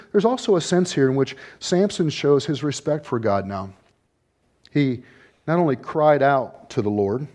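A man preaching with a somewhat high voice that drops to a low hush and then climbs to loud, ringing cries. He repeats lines and asks questions of his listeners. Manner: dramatic, swings from hushed low tones to loud high cries; repetitive, rhetorical questions. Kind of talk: sermon.

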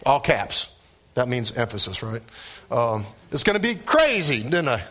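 A man preaching a sermon, animated, with his voice rising and dropping for emphasis. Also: mid-range voice, unhurried. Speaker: pastor.

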